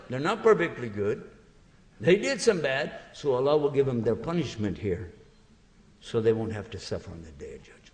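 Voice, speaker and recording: A man giving a religious lecture to an audience, telling stories in a lively way and acting out small dialogues. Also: medium pitch. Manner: animated storytelling, acting out little dialogues. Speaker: Islamic lecturer. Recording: long hall reverb.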